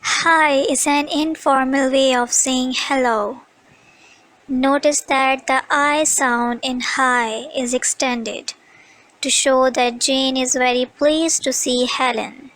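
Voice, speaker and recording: Slow, high-voiced woman teaching English. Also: steady tone, fairly bright tone, no echo, poor audio. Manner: slow, careful explanation. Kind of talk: scripted lesson narration.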